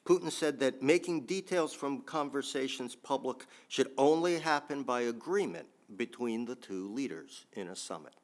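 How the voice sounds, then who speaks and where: A man's voice: mid-range voice, lively intonation, moderate pace, hardly any pauses. A man giving a think-tank panel talk with frequent ums and restarts, adding dry asides.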